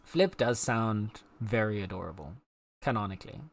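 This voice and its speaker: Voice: mid-range voice, expressive, normal speed. A game streamer chatting casually with viewers while playing, playful and teasing. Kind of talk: casual live-stream chat while gaming.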